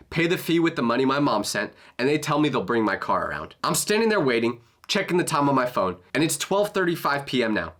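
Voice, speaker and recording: A young man in his twenties tells a comedic story with a lively, bouncing delivery. His voice is bright and forward, and he mocks himself as he goes. The pitch swings freely from line to line. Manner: animated and self-mocking.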